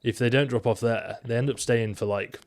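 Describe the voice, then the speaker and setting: Flat-toned man in casual chat. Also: medium pitch, fairly quick. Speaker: fitness coach and podcast co-host.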